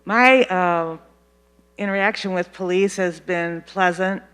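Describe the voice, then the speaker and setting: An older speaker from Detroit tells an anecdote at a community forum in a calm, unhurried way. The voice is smooth and resonant. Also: medium pitch. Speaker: community meeting participant. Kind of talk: public comment at a community forum. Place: meeting room.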